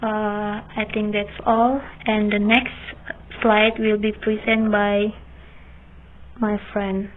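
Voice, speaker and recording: A young woman giving a student class presentation, reading slowly with hesitant fillers. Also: medium pitch, little pitch movement, a little hiss or hum. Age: young adult. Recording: tinny phone-like audio.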